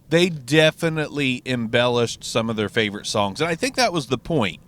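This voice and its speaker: Inside a car, a music reaction vlogger rambles casually about albums while driving, swearing freely. His voice is mid-range and a bit bright.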